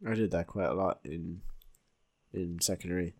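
A man's voice: deep voice, fairly even intonation, normal speed, a little mellow. A young man, chatting casually and agreeably on a podcast, adding his own points. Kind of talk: casual chat.

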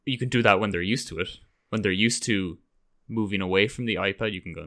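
A man's voice: low-pitched, fast, a bit bright. A young man, chatting casually on a podcast, rambling, swearing and acting out quotes. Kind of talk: casual chat.

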